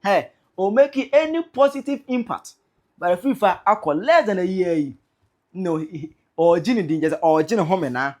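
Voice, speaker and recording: Ghanaian woman, online commentator, excitable and mocking, very expressive delivery. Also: fairly low pitch, normal speed. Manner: excitable, teasing, reads out viewer comments. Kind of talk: animated commentary vlog.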